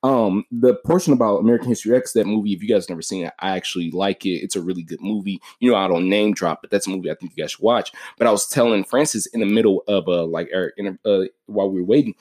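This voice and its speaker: A man's voice: on the low side, fast talker, few pauses. A man hosting a podcast, telling a story in casual chat, profane and full of fillers like "like" and "yo.". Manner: animated, profane, lots of "like" and "yo". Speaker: podcast host.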